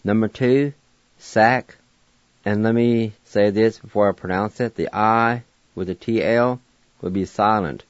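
A man's voice: lowish voice, fairly even intonation, measured pace, no room sound, dull audio. A man hosting a radio language lesson, spelling out words letter by letter and pronouncing them patiently. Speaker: language teacher on a radio show. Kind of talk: slow spelling and pronunciation lesson.

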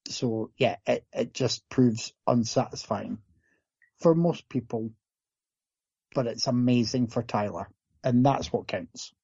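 Gravelly, husky man from the UK. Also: medium pitch, takes it slowly, warm tone, no room sound, dull audio. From United Kingdom. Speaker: film reviewer. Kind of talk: casual movie review chat.

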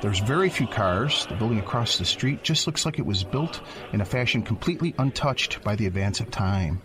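A man's voice: lowish voice, lively intonation, a little fast, noisy background. A man narrating a radio drama, describing the scene and speaking directly to the listener. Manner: descriptive storyteller, addresses the listener.

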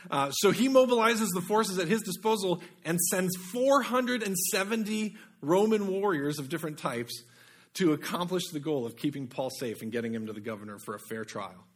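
A man preaching a sermon in a conversational way, often putting rhetorical questions to the listeners. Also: fairly high pitch.

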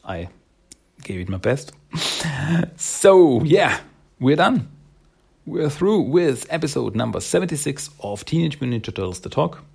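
Gravelly, husky male podcast host. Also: medium pitch, very animated, measured pace, long pauses, darkish tone. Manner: rambling, upbeat, many fillers. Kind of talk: casual solo podcast talk.

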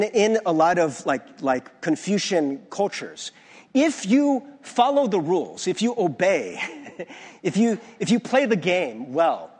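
A man's voice: high voice, a little mellow. A young adult man, a pastor, telling personal stories in a conversational sermon with many restarts. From United States. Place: church sanctuary. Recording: long hall reverb from a church.

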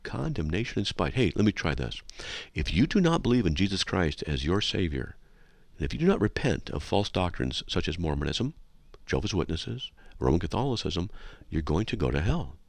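Speaking low and briskly with a sing-song lilt and vocal fry, a male talk radio host reads listener emails aloud and delivers sarcastic lectures. The recording is dry, made in a studio that looks into a control room through a window.

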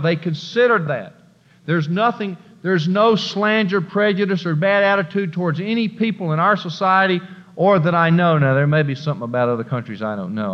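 A man preaching a sermon, swinging between hushed asides and loud, emphatic bursts. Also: a little high. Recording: dull lo-fi recording with long hall reverb.

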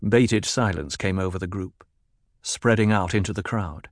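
A man reading a novel aloud in an even, measured narration. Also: sits low, no echo, clean studio sound. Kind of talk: scripted audiobook narration.

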